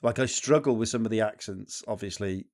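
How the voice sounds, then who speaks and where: A man's voice: fairly low pitch, a little fast, darkish tone. A man from England co-hosting a podcast, in casual, banter-filled chat with casual swearing. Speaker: podcast co-host.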